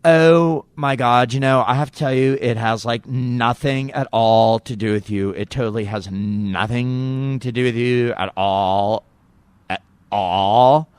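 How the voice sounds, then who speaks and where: A man's voice: mid-range voice, a little slow, clean tone, dry recording, close to an everyday voice. A man putting on the voice of a breathless young woman who gushes and fills her speech with "like". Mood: earnest. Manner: gushing, filler-heavy "like". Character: breathless young woman, valley-girl gushy.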